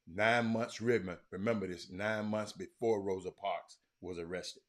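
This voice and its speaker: A lowish male voice at a normal speed, with fairly even intonation, belongs to a sports talk show host. He's doing a casual live stream from a room at home, calling out viewers by name.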